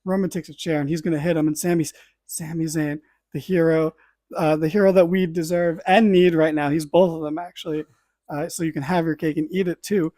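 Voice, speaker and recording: A man hosting a podcast, giving a lively play-by-play recap in casual chat, with offhand asides and the odd swear. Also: fairly high pitch, fairly quick, no echo. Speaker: podcast host.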